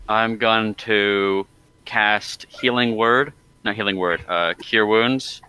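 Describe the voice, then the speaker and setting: A man's voice: fairly low pitch, drawn-out words, pushed and bright, clean tone, no room sound, rough recording. A man playing in a tabletop game, joking and stumbling over his words. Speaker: player. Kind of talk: casual tabletop game chat.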